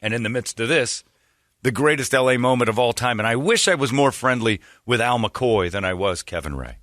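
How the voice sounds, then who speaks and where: A man's voice: mid-range voice, brisk, no echo, clean studio sound. A man hosting a radio show, telling a long rambling anecdote and quoting the people in it. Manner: rambling, animated anecdote with quoted voices. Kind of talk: storytelling on a sports radio show.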